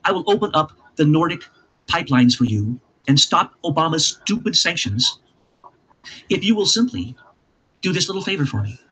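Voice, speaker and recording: A man's voice: on the high side, big pitch swings, moderate pace, fairly bright tone, slightly rough, exaggerated voice. A man putting on a boastful tycoon-president voice with a New York accent, striking a deal. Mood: scheming. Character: brash male tycoon-president cutting a deal. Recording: muffled lo-fi recording.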